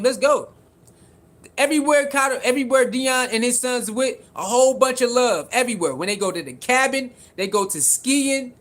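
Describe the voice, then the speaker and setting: A man with a high-pitched voice and streams casual sports commentary. He is animated and repeats himself for emphasis, calling out viewers by name as he reads their comments. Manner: animated, repetitive, talks straight to viewers.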